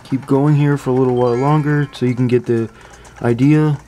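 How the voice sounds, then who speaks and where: A man's voice: medium pitch, fairly even intonation, fairly quick, dark tone. A man giving a casual phone review indoors, chatty and stumbling over his words, often stopping to apologize. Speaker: tech reviewer.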